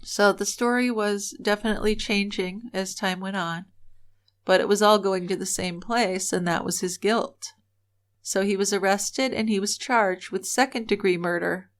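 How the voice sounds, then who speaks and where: A woman's voice: medium pitch, steady tone, normal speed. A woman co-hosting a true-crime podcast, telling the case in an earnest, opinionated way. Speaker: podcast co-host. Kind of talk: casual true-crime storytelling.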